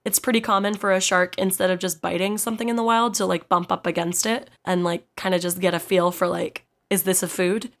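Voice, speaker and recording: A woman's voice: on the low side, steady tone, a little fast, a bit bright. Woman, casual podcast co-host; tired, rambling, giggles often. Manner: giggly, rambling, many fillers. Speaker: podcast co-host presenting research. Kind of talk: casual chat.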